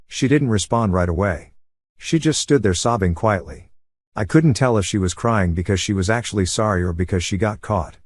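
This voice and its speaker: A man narrating a first-person story in a steady, measured way. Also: on the low side, no echo.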